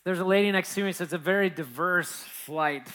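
A man's voice: high voice, brisk, sharp tone, slight background noise. A man preaching a conversational sermon as a pastor, telling a personal story and checking in with his listeners as he goes. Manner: storytelling, with asides to the congregation.

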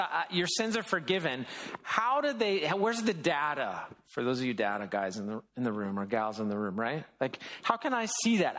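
A man preaches a sermon in a loose, conversational way, often restarting his sentences as he talks it through. His voice sits a little high for a man. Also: fairly bright tone. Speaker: pastor.

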